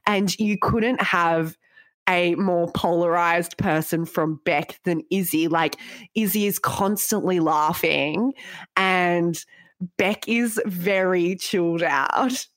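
A woman's voice: fairly low pitch, slow, no room sound, clean studio sound. A woman co-hosting a TV recap podcast, bubbly and rambling, full of "like"s. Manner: chatty, bubbly, rambling with many "like"s. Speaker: podcast co-host. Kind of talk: casual chat.

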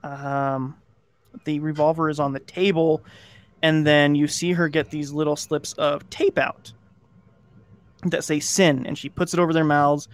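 Brief: male podcast co-host, slightly high voice, rambling casual retelling full of fillers, dry studio sound. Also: flat delivery, unhurried, clear, resonant tone, no echo. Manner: rambling, lots of "like" and restarts, acts out quoted lines. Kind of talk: casual chat, retelling a film plot.

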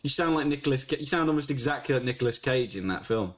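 A man's voice: mid-range voice, animated, fast talker, fairly bright tone. A man co-hosting a comedy podcast, teasing and pushy in casual banter, laughing often. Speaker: podcast co-host.

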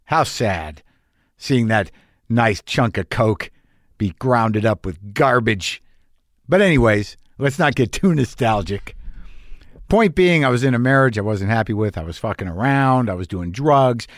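A man on a comedy set spins a rambling, profane story about his own worst days and mocks himself as he goes. His voice sits at an ordinary pitch, and the sound is close and dry, with almost no room around it. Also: lively intonation, measured pace, no echo. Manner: profane, self-deprecating, rambling. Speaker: stand-up comedian. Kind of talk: confessional stand-up storytelling.

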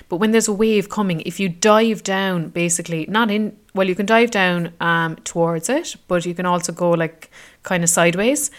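Woman, about thirty, lowish voice, casual travel vlog, rambling, lots of fillers. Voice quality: chatty, rambling with many fillers. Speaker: travel vlogger.

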